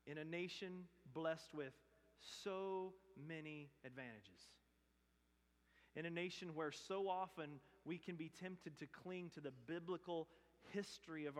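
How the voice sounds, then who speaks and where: A male pastor preaching a sermon, rising to loud emphatic bursts and dropping to hushed, earnest pleading. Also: on the high side, measured pace. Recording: long hall reverb.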